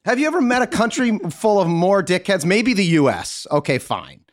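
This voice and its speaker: A man co-hosting a comedy podcast, ranting bluntly and peppering his talk with swears. His pitch moves up and down a lot as he riffs. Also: sing-song, moderate pace. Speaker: podcast co-host. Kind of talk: casual comedic chat.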